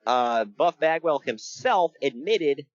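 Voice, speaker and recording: A man's voice: fairly high pitch, slow pace, no echo, highs cut off. A man co-hosting a casual podcast, joking and laughing as he recaps a wrestling show. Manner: joking, animated, laughs often. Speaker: podcast co-host.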